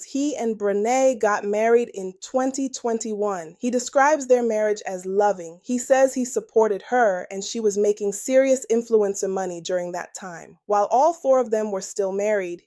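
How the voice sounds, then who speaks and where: A woman's voice: mid-range voice, dark tone, no echo, studio quality. A woman hosting a true-crime podcast, delivering scripted commentary with sassy, playful slang asides. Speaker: podcast host.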